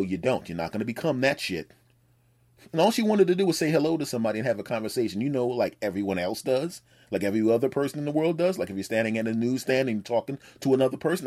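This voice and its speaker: A man's voice: mid-range voice, darkish tone. A man hosting his own podcast, telling a personal story in a rambling, joking way, swearing freely and acting out what people said. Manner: rambling storytelling, acts out quotes, profane and joking. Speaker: podcast host. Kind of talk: casual monologue.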